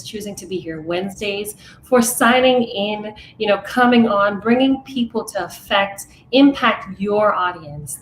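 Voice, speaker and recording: A woman from Uganda speaks in a soft, earnest, heartfelt way, her pitch sitting in a middle range. Her voice carries a roomy echo, and a faint hum of background noise sits underneath it. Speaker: guest, wellness coach. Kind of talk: interview chat and read affirmation.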